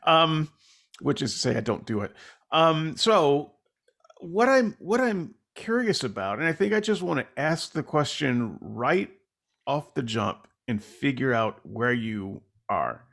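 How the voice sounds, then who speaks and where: A man's voice: mid-range voice, big pitch swings, unhurried, vocal fry, fairly bright tone. A man hosting a podcast, talking in a casual, rambling and self-deprecating way with lots of fillers. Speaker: podcast host. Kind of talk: casual conversational interview.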